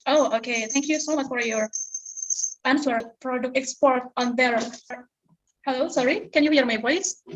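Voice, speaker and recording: A woman's voice: high voice, moderate pace. A woman asking a lecturer questions over a video call, hesitant and apologetic, repeating herself. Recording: dull lo-fi video call audio.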